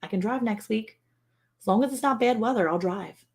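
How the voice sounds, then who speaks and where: A woman co-hosting a casual ranch livestream, chatty and quick to laugh, slipping into voices to mimic people. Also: a little high. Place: home on a farm.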